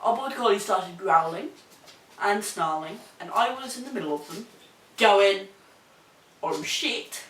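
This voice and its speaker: A young woman with a New Zealand accent telling a story in a sweary, animated way, laughing as she goes. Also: medium pitch, normal speed, a little hiss or hum. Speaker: vlogger. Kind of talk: casual storytelling. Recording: echoey room, mic at a distance.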